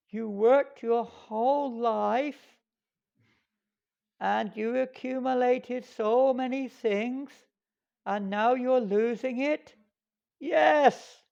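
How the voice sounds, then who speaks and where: A man's voice: very high-pitched, vocal fry, a little mellow, dull audio, pitched above the performer's own voice, exaggerated voice. A man voicing a simple male fool who bluntly mocks a king in a sermon story.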